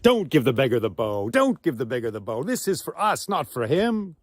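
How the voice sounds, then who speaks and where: A man storyteller voicing an arrogant young suitor who mocks and shouts. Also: mid-range voice, big pitch swings, normal speed, no room sound, clean studio sound. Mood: scornful.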